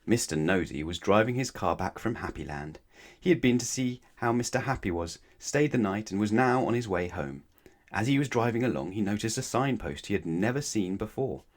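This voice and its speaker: Low-voiced man reading a bedtime story. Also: expressive, brisk. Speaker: storybook reader. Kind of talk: children's bedtime story read-aloud.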